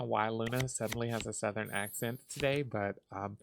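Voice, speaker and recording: A man giving calm, soft, unhurried commentary as he plays a cozy game for sleepy listeners. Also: on the low side, creaky, background noise. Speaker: gaming channel host.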